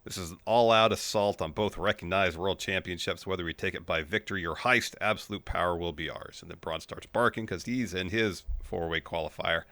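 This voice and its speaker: A man co-hosting a casual wrestling recap, walking through matches in steady play-by-play. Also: sits low, a little fast, hardly any pauses, dry recording. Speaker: podcast co-host.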